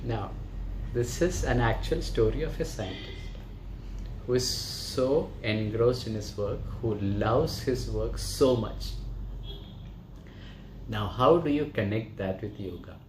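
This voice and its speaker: A man's voice: medium pitch, expressive, slow pace, a little mellow, slight background noise. A yoga teacher, a man, telling a story to his class in a chatty way, often checking in with them. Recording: roomy echo.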